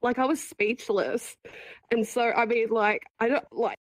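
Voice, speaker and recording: A woman's voice: a little high, fairly even intonation, measured pace, dry recording, low-quality recording. A woman with an Australian accent giving an informal eulogy at an online gathering, joking and laughing nervously. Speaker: eulogy speaker.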